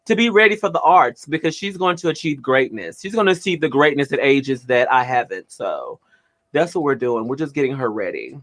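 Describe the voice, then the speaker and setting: An animated, theatrical man tells a story while co-hosting a radio talk show. His voice is bright and swings widely in pitch. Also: brisk. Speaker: radio co-host. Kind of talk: casual storytelling chat.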